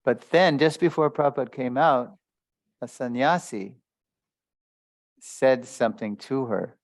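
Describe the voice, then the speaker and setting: A man's voice: medium pitch, measured pace, no room sound. A man giving a spiritual lesson as a story, talking loosely with many fillers and small chuckles. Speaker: spiritual teacher. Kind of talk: storytelling lecture.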